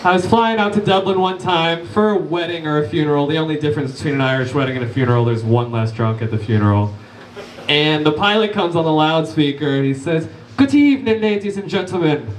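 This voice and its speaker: Stand-up comedian, punchy crowd-work one-liners. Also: male voice, a little high, quick pace, a little hiss or hum. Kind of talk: live stand-up set. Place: comedy club stage, live audience. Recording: echoey club room, distant capture.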